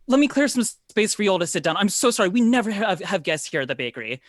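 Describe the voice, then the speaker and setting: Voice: mid-range voice, very animated, quick pace, dry recording, clean studio sound, pitched above the performer's own voice. The game master voicing a nervous, apologetic baker woman in her fifties who stammers and keeps saying sorry over a video call. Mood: flustered.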